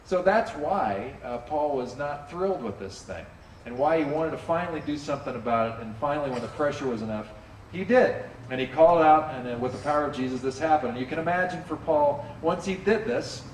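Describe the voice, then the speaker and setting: A man preaching a sermon to a congregation in a relaxed, conversational way, often asking listeners to join in. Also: on the high side, a little fast, slight background noise. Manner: conversational, animated, drops in playful character asides. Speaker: pastor. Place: church sanctuary with a congregation. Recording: roomy hall, distant mic, faint ambience.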